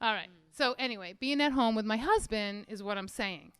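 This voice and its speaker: A woman's voice: a little high, normal speed, a bit bright, clear, resonant tone, no echo, clean studio sound. A woman doing a rambling, brassy stand-up set on a stage with no audience. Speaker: stand-up comic. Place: show stage without audience.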